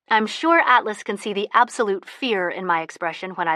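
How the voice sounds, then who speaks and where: Soft-spoken lady reading a romance audiobook, bright voice, dry studio sound. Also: mid-range voice, a little fast, hardly any pauses, dry recording. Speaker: audiobook narrator. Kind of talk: first-person audiobook narration.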